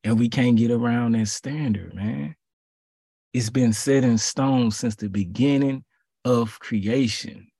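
A man giving a casual sermon in relaxed slang, repeating his phrases for emphasis. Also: mid-range voice, slow, gravelly, breathy edge, no echo, studio quality. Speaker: preacher.

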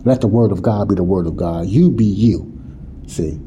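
A man's voice: deep voice, moderate pace, dark tone, lo-fi sound, slight background noise. A man teaching the Bible in a sermon, talking informally and often checking "you see what I'm saying?". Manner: informal, nonstandard grammar.

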